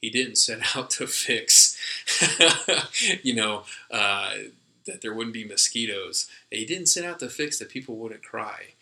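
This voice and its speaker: Man, low-pitched, very bright tone, rambling casual chat, lots of fillers. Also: lively intonation, slow pace, low-quality recording. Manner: rambling, many fillers and restarts. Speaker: podcast co-host. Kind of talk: casual discussion.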